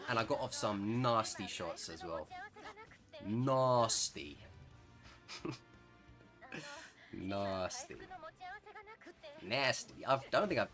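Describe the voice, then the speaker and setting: A young man with an English accent giving chatty, excitable gameplay commentary, rambling and correcting himself as he plays. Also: medium pitch, slow, long pauses, music in the background. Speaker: gaming streamer.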